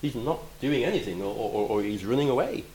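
A man preaching a sermon, animated, moving between loud emphatic lines and quiet, reflective asides. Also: medium pitch, brisk, reverberant, poor audio.

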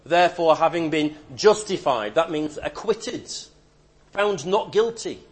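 Man, preacher, sermon, husky voice, emphatic, shifts from loud proclamations to hushed asides. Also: fairly high pitch, lively intonation, a little slow. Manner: emphatic, wide swings between loud declarations and hushed asides.

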